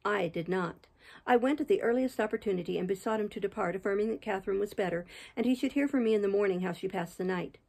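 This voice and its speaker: Gravelly woman reading aloud. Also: mid-range voice, rough recording. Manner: steady, measured narration. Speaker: reader, channel host. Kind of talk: audiobook reading.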